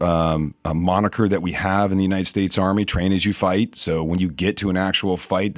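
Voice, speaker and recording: A middle-aged man, an army officer, answering interview questions earnestly, with many pauses and fillers. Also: deep voice, no room sound, clean studio sound.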